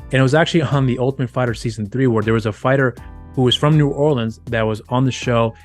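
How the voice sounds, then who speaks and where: A man's voice: medium pitch, fast, soft background music. A man hosting his own channel, giving a casual, rambling film review with many restarts and fillers. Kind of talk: casual movie review monologue.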